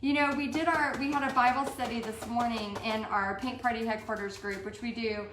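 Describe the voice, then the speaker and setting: A woman's voice: a little high, steady tone, fairly quick. Fired-up woman with a lilt, echoey. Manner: earnest, fired-up, heavy fillers like "you know" and "like". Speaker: paint party business host. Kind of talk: live-streamed motivational talk. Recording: echoey room with faint background hum.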